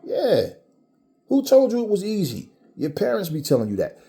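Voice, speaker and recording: A man's voice: sits high, wildly swooping pitch, normal speed, creaky, mellow. A man from the Caribbean giving a blunt, profane commentary monologue, talking emphatically and swearing freely. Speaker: vlogger.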